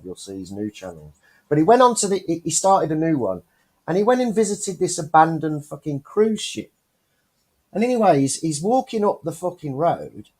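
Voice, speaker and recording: A man's voice: on the high side, breathy edge. A man co-hosting a casual chat show, telling stories and swearing constantly. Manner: swears constantly, animated storyteller. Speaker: podcast co-host.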